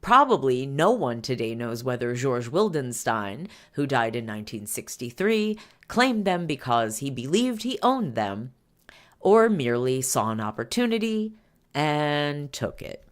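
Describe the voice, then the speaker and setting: A woman's voice: rumbling low, big pitch swings, measured pace. A woman hosting a podcast, reading an article aloud and breaking off for chatty asides full of fillers. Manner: chatty asides with fillers between read passages. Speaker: podcast host.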